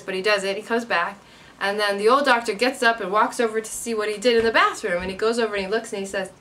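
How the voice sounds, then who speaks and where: A woman's voice: mid-range voice, fairly quick, fairly bright tone. A woman teacher retelling a story for English learners, acting out the dialogue and checking in with "okay?" and "right?".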